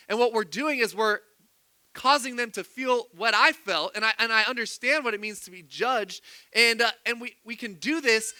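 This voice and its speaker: A man's voice: very high voice, pushed and bright, dry recording. A young man preaching a sermon, chatty and quizzing his congregation with questions. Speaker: pastor.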